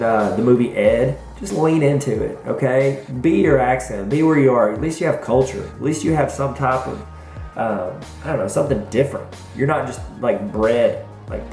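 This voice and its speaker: A man's voice: medium pitch, creaky, darkish tone. Playful Southern man in echoey room. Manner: playful, self-mocking, rambling. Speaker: school principal answering viewer questions. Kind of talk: casual Q&A vlog. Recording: echoey room with faint music.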